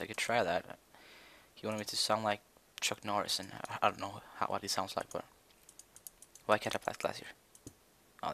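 A young gaming video creator gives casual Minecraft commentary while playing, his lowish voice bright and forceful with vocal fry. He rambles and hesitates, using lots of fillers.

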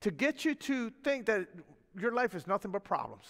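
A man preaching a sermon as pastor, in a folksy, animated way with chuckles and asides. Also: high-pitched, moderate pace, gravelly, in a large hall. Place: church sanctuary.

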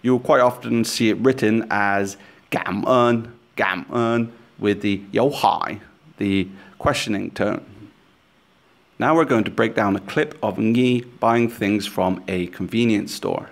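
A man with a somewhat low voice talks through a language lesson in a calm, scripted way. He explains each point slowly and clearly, carefully sounding out the foreign phrases he teaches.

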